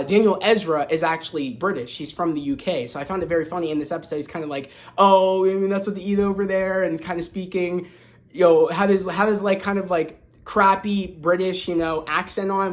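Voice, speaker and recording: Rambling excited young-sounding man reviewing a show. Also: fairly high pitch. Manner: rambling, many fillers and restarts; excitable, laughs off the plot. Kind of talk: casual spoken episode review.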